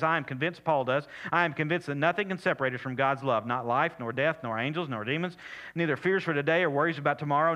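An older man preaching a sermon as pastor, reading scripture and repeating words for emphasis, rising loud and high, then dropping to soft hushed asides. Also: highs cut off.

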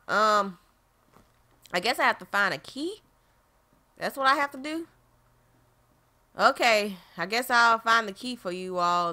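A woman's voice: mid-range voice, bright, forceful tone. A woman hosting a gaming channel, commenting on a horror game as she plays, jumpy and exclaiming, talking straight to her viewers into a desk mic. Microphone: desk microphone.

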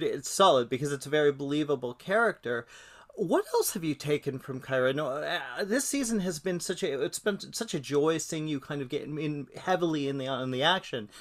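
A man interviewing an actress, enthusiastic and effusive, with stumbling restarts. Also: a little high. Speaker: entertainment interviewer. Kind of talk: casual interview chat.

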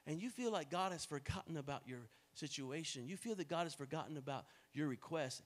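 High-pitched American man preaching with swings. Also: expressive, a little fast. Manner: joking asides to the congregation. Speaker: pastor. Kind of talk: sermon.

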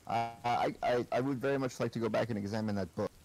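Gravelly, hesitant male player. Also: mid-range voice, steady tone, quick pace, darkish tone, a little hiss or hum, rough recording. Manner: hesitant, stammering, many fillers. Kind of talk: casual tabletop play.

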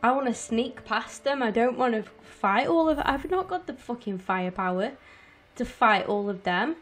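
A woman's voice: on the high side, lively intonation, normal speed, fairly bright tone. A woman in her twenties giving frustrated, heavily sworn let's-play commentary and talking to her viewers. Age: 20s. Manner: frustrated, swears constantly, talks to viewers. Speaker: gaming streamer.

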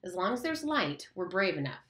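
An earnest boy chief, voiced by a woman reading aloud, worn down and exasperated. He talks in halting, frustrated bursts, pitched slightly above the reader's low voice. Audiobook reading. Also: very animated, fairly bright tone, reverberant. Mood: troubled.

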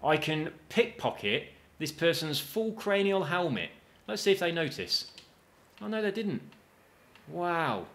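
A man's voice: on the high side, sing-song, a little slow, a bit bright. A man giving chatty, jokey let's-play commentary, with casual swearing and asides to his viewers. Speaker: gaming video host.

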